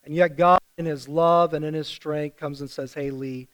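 A man's voice: fairly high pitch, steady tone, normal speed. A middle-aged male pastor preaching a sermon, telling the story and putting questions to the congregation.

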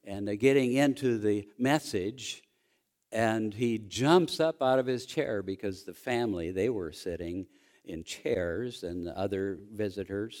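Pastor guy telling a story in his sermon, goes quiet then gets real fired up. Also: on the low side. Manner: soft and hushed in the story, rising to loud excitement when preaching.

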